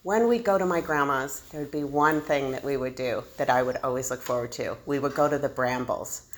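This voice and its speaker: A woman candidly telling her own recovery story, self-deprecating and laughing often. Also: low voice. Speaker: speaker sharing a recovery story. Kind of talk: personal storytelling.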